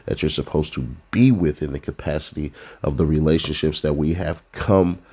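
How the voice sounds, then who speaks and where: A man's voice: a bass voice, fairly even intonation, normal speed, warm tone, husky. A man hosting a commentary rant, blunt and profane, lecturing viewers with rhetorical questions. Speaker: commentary host.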